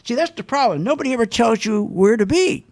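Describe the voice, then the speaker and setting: A man's voice: extremely high pitch, expressive, a little fast, darkish tone. A man hosting a radio show, delivering a fired-up, emphatic market rant that repeats points and mocks what others say. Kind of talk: live call-free market commentary rant.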